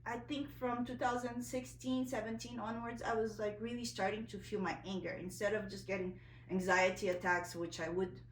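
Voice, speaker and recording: A woman's voice: mid-range voice, steady tone, normal speed, roomy sound, distant mic, slight background noise, low-quality recording. Candid woman telling a personal story. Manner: candid, emotional, with many fillers and restarts. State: a little nervous. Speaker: vlogger.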